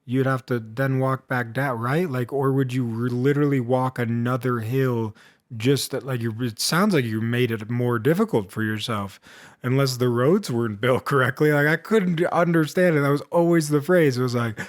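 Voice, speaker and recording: A man's voice: mid-range voice, moderate pace. A young man vlogger telling a casual, meandering story, full of self-deprecating asides.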